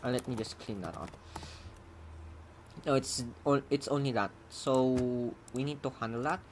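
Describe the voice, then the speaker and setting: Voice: mid-range voice, measured pace, slight background noise. A programmer giving casual live-coding commentary, rambling, chuckling and muttering while debugging, with keyboard typing behind. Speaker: programmer streaming their own coding.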